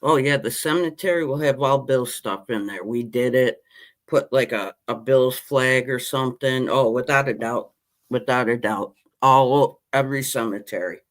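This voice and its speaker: A man, ranting passionately about his team as a podcast host in casual chat. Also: medium pitch. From Western New York. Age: 50s. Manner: impassioned, rambling sports-fan rant.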